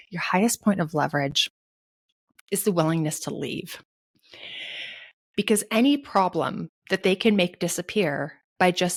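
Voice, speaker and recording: A woman talking on a podcast in an animated, emphatic way. She laughs often as she explains, and acts out what a boss might say. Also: fairly low pitch. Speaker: guest author. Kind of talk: casual podcast interview.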